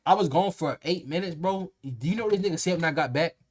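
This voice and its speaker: A young man casually telling a workplace story to camera, animated and slangy, acting out the people in it. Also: a little high, fast. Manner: animated, slangy and profane, acts out quotes.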